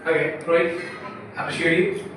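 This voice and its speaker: A man's voice: a little high, flat delivery, unhurried, fairly bright tone. A man teaching a grammar lesson to a class, repeating points and quizzing his students. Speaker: English teacher. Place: echoey classroom. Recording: echoey room, voice from far off, faint hiss.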